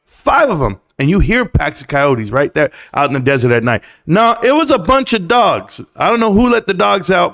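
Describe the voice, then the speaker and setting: A man hosting a live stream, talking casually and emphatically about the stock market and telling quick stories. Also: on the high side, fairly bright tone. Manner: chatty, storytelling, emphatic.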